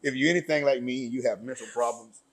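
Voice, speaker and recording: A man's voice: medium pitch, fast, slightly rough, lightly acted. A man putting on a blustering tough-guy character who boasts and makes mock threats. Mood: swaggering. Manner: swaggering, mock-menacing, jokey.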